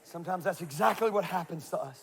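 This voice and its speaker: A man's voice: sits high, quick pace, creaky, slightly rough. A man preaching a sermon, telling a comic story and acting out the voices in it. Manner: animated, acts out voices in his stories. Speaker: pastor.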